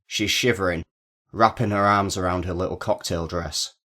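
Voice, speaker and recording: A man narrating a first-person crime story in a steady, measured way. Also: sits low.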